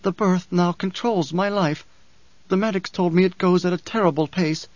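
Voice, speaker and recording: Man doing a raspy fierce desert-warrior woman, high-pitched, vengeful, audiobook, dull dry sound. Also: normal speed, dry recording, close to an everyday voice. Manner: intense, threatening.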